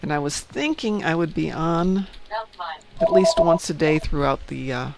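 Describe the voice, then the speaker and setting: Gravelly, higher-pitched chatty man. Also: lively intonation, unhurried, darkish tone. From Chicago, United States. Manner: chatty, joking, rambling. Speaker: stream host. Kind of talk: casual chat while gaming.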